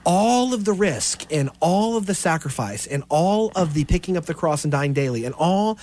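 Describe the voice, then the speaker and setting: An earnest man co-hosting a casual theology podcast, his voice sitting a little high for a man. He talks in an animated, storytelling way, building on each point with eager enthusiasm. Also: normal speed. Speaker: podcast co-host.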